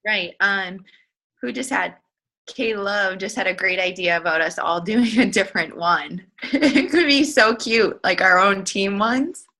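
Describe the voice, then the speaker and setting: A woman hosts an online team call in a casual, chatty way. Her voice is bright and forward, and she giggles now and then and leans on filler words. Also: medium pitch, measured pace, low-quality recording. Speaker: team leader hosting a coaching call. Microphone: online group call.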